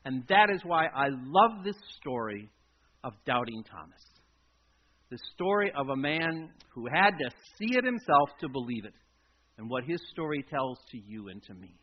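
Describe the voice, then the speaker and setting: A man preaching a sermon as a pastor, telling the story dramatically and swinging between loud emphasis and a near-hush. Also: mid-range voice, very animated, normal speed, slightly rough. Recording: dull lo-fi recording.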